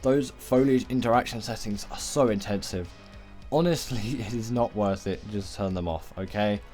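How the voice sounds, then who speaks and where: A man's voice: fairly low pitch, moderate pace, darkish tone, faint music behind. Chatty man ranking game creatures. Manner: chatty, rambling, corrects himself often. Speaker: gaming video creator. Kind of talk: casual game commentary.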